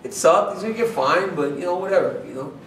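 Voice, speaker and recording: A man being interviewed, telling a story in a lively, casual way, laughing often and acting out what people said. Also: high voice, fast, roomy sound, distant mic, slight background noise, poor audio. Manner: animated, laughing, acts out quotes. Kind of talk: casual storytelling in a media scrum.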